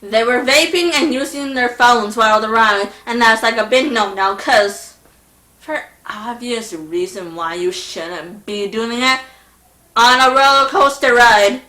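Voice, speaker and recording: Speaking at a measured pace in a fairly high voice, a young vlogger recounts a storytime in a casual, exasperated manner. She gets animated and performs the voices of whoever she's quoting. Her recording has an echoey room sound.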